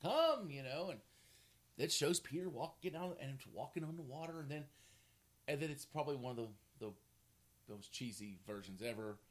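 A man preaching a sermon as a pastor, telling a story with animated energy and laughter. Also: medium pitch, normal speed.

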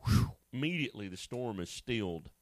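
A man preaching a sermon in a conversational, joking way, acting out people's voices with sudden high jumps. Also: very animated, fairly quick, no echo. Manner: conversational and joking, with asides to a co-host. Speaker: pastor.

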